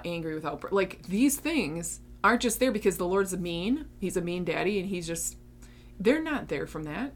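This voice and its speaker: Christian lady talking faith then praying, earnest, kinda low voice, faint hum behind. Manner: earnest and emphatic, with talk to herself. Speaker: Christian podcast host. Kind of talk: faith-based talk and prayer.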